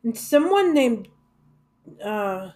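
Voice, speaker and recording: Slow, rambling woman chatting about music. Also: on the high side, very animated, dark tone. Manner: rambling, hesitant, many fillers and restarts; blunt, swears casually. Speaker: music vlogger. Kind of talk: casual rambling monologue.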